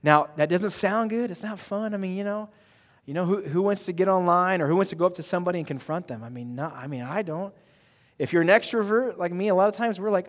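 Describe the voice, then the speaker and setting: Animated male pastor preaching in a hall. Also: high voice, fast. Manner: animated, emphatic, joking with the congregation. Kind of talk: sermon. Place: church sanctuary.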